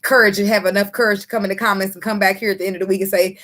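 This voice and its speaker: A woman giving a casual tarot reading, excitable and quick to laugh, swearing freely as she talks. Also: mid-range voice. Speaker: tarot reader.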